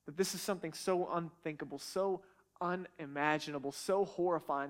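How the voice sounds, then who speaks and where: A man teaching from the Bible in an earnest, emphatic way, often repeating words as he goes. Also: fairly high pitch.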